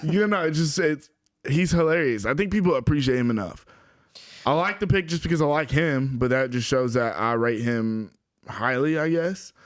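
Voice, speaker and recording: A man's voice: fairly high pitch, moderate pace, dry recording, studio quality. A man co-hosting a podcast in casual banter, blunt and dismissive of the others' picks. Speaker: podcast co-host.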